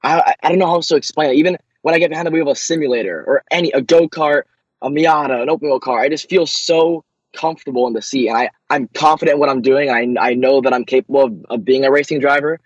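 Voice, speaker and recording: A young man, a racing driver, answering interview questions eagerly, with many quick restarts. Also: a little high, breathy edge, dry recording, highs cut off.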